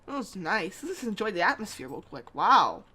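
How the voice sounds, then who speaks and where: A woman's voice: medium pitch, big pitch swings, moderate pace, pushed and bright, husky. A young woman chatting with giggly, self-mocking asides while playing through a story game. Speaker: gamer. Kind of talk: let's-play commentary.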